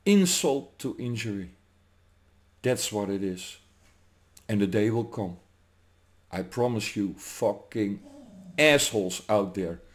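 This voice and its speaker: A man from Germany, delivering an angry, profane political rant to camera, swinging between loud outbursts and low, menacing muttering. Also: animated, takes it slowly, long pauses. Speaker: vlogger.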